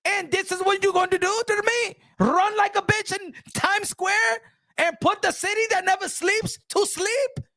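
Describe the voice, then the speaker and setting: A man impersonating a furious, rich male boxing promoter who shouts and swears as he scolds a fighter. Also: very high voice, steady tone, moderate pace, voice pushed up, exaggerated voice.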